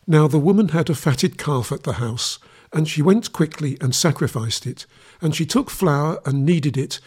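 A man reading scripture aloud in a measured, steady, reverent manner. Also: on the high side, husky. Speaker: Bible reader.

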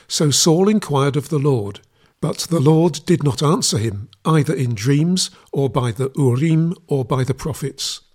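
A man reading scripture aloud in a measured, steady, reverent manner. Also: mid-range voice, breathy edge. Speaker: Bible reader.

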